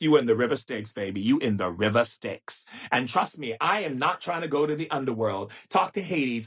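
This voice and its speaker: A man's voice: mid-range voice, breathy edge. A middle-aged man talking on a live stream in a sassy, playful way, teasing his listeners with endearments and mimicking stiff, droning speakers. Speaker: spiritual teacher hosting a live stream. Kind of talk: casual live-stream monologue.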